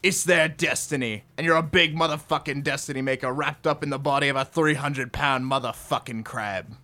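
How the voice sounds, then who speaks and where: Man doing a bad Aussie accent, gruff rulebook narrator, loud and cocky. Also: medium pitch, brisk, close to an everyday voice. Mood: swaggering. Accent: put-on Australian. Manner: loud, strained, swaggering delivery. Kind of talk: comedic dramatic reading of game rules.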